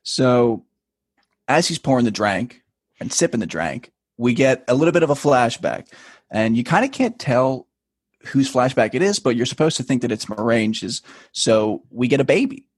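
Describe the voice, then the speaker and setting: A man's voice: mid-range voice, sing-song, moderate pace, breathy edge, dry recording. A man co-hosting a casual podcast chat, laying out the plot of a TV episode in a laid-back way. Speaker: podcast co-host.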